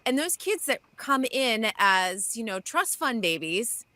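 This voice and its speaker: Woman, bright clear tone, dry close sound, radio co-host, reasoned explaining. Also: a little high, very animated, unhurried, no room sound. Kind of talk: casual talk radio banter.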